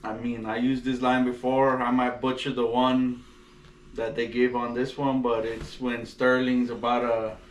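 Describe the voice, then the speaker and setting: A man's voice: mid-range voice, level tone, a little slow, far from the mic. A man on a casual movie review podcast, laid-back and chuckling. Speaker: podcast panelist. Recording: echoey room.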